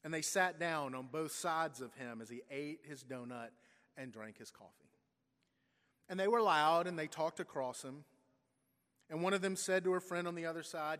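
Guy preaching, telling a story, bit high voice, echoey church. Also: normal speed, a bit bright. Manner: tells a story with brief voiced quotes of its people. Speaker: pastor. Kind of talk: sermon storytelling. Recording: long church reverb.

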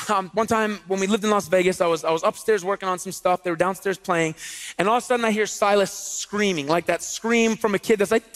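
A man in his thirties preaches in a relaxed, animated style, telling stories and tossing rhetorical questions at his congregation. His voice sits unusually high for a man. A long reverb trails off it, as in a large church hall. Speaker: pastor. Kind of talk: sermon with casual storytelling.

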